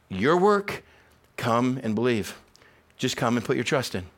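A man preaching a sermon in an animated, conversational way. His voice sits at an ordinary middle pitch. He swings between loud, emphatic peaks and quiet, reflective stretches, and slips into casual voices when he quotes people. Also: measured pace. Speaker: pastor.

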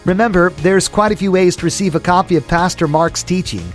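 A man's voice: high voice, a little fast, soft background music. A man reading a scripted introduction for a religious broadcast. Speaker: radio announcer.

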